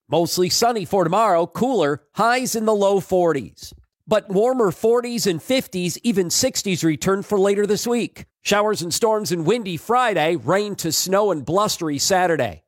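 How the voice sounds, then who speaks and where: High-voiced male weather forecaster. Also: no room sound, studio quality. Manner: brisk, clipped forecast read. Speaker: meteorologist.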